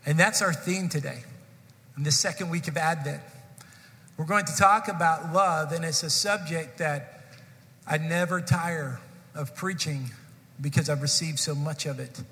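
A man's voice: on the high side, unhurried, bright, forceful tone. A male pastor, probably in his forties, telling a humorous personal story to his congregation in a sermon. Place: church sanctuary. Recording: long hall reverb.

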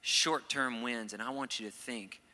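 Middle-aged male pastor, very bright tone, humorous then earnest, reverberant hall. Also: mid-range voice, measured pace. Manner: playful, acts out quoted voices, then earnest. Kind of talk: sermon.

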